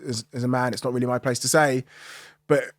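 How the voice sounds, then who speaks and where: A man from Kent, guesting on an interview about the music industry. He speaks in a measured, thoughtful and emphatic way. His voice sounds dry and close, with no room around it. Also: medium pitch, level tone, no room sound. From Tunbridge Wells, Kent, England. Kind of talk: conversational interview answers.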